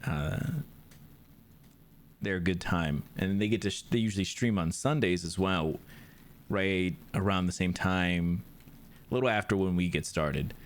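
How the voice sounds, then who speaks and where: A man's voice: low-pitched, unhurried, long pauses. A man streaming a video game, chatting casually and rambling with lots of restarts. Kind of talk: casual chat.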